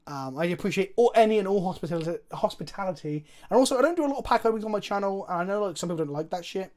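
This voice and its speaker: A man's voice: high-pitched, expressive, racing, a little mellow. A man streaming a card game, commentating his plays casually, chatty and thinking aloud, with frequent swearing.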